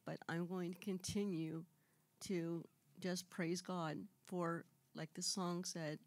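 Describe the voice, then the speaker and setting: A woman shares a testimony in a church sanctuary. Her voice is fairly low, and the sound is dry and close. She speaks from the heart, holding back tears and pouring words out in quick bursts. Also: flat delivery, no echo. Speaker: church member giving testimony.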